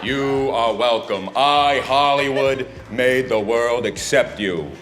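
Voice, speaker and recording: A man playing a smug, pompous male personification of Hollywood at a roast, with slow dramatic pauses over loud background noise. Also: mid-range voice, natural voice. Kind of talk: roast stand-up.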